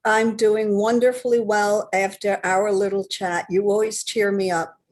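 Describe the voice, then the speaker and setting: A woman author chatting as a podcast guest, telling things in a lively, animated way. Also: mid-range voice, unhurried. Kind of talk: casual podcast chat.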